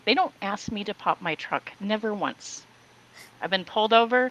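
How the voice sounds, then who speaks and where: A woman in casual podcast chat, telling a personal story in an animated way, laughing often and acting out what people said. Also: mid-range voice, moderate pace, low-quality recording. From Southern California. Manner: animated, laughs often, acts out quoted voices. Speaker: podcast co-host.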